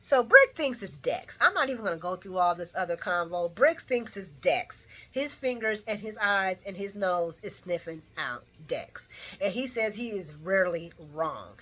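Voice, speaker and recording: Animated woman giving a chatty recap. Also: medium pitch, moderate pace. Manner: animated, laughing, acts out lines; slangy, chatty. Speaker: channel host. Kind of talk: casual soap opera recap.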